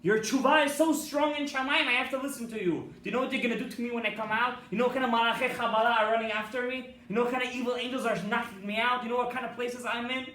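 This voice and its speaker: A man's voice: very high voice, fairly even intonation, very fast, few pauses, bright, forceful tone, pitched above the performer's own voice. A man voicing the tormented soul of a dead man who has possessed a woman, with an accusing, pleading manner. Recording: echoey hall from far off.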